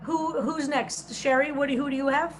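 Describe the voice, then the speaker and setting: A woman with a somewhat high voice leads a psalm study as a rabbi, speaking over a video call. She reads verses aloud and explains the Hebrew grammar patiently. A faint hiss sits under her voice. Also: steady tone, moderate pace, rough recording. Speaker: rabbi teaching a psalm class.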